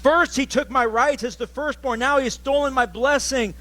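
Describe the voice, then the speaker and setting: A desperate young man pleads for his father's blessing in a high, strained voice, as a preacher acts him out in a sermon. The pitch climbs well above an ordinary speaking voice and carries bitter, begging urgency. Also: lively intonation, unhurried, fairly bright tone, full character voice. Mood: pleading.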